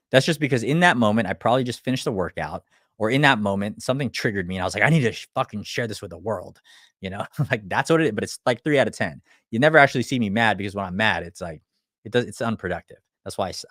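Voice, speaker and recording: Young male coach, low-pitched, blunt and profane, dry close sound. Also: fairly bright tone, dry recording. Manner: blunt, profane, acts out clients' lines. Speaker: online business coach. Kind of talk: casual livestream talk.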